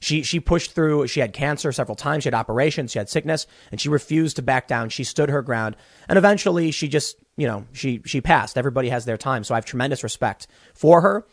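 A young adult man hosts a political commentary show from a small closet studio with no room sound. His voice is mid-range and quick as he rants animatedly, stammering over repeated words.

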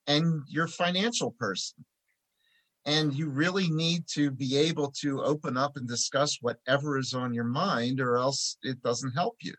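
A man from Philadelphia tells stories in a relaxed, chatty way, as a guest on an interview show. His voice sits at an ordinary middle pitch. He talks about his work preparing taxes in an easy conversational tone. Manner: chatty anecdotal storyteller, animated when telling jokes.

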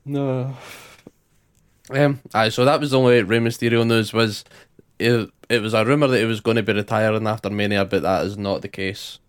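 A man's voice: on the low side, fairly even intonation, moderate pace, smooth. A man with a Scottish accent co-hosting a casual wrestling podcast, laid-back and sweary, laughing along with his co-host.

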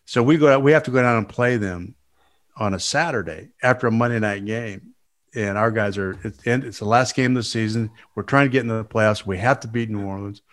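A former football coach in a casual chat, giving measured, thoughtful analysis. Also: male voice, fairly low pitch.

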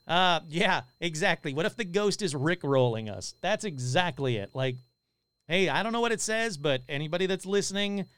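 An excitable man hosts a live paranormal podcast in a casual, chatty way, reading out comments from his listeners. His voice sits fairly high and comes across smooth and resonant. The sound is dry and close, with no room echo. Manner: excitable, casual, swears a lot.

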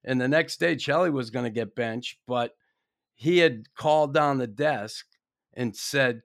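A man hosts a casual podcast, leaning in with emphatic questions and the odd curse. His voice has a gravelly fry to it. The recording is close and dry. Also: medium pitch, a little slow, no room sound. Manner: emphatic, swearing, pointed questions. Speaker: podcast host. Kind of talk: casual chat.

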